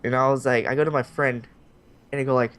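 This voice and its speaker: Talking fast in a mid-range voice, a young man relates a story on his podcast. He animates it by performing the characters' voices, and he swears freely along the way.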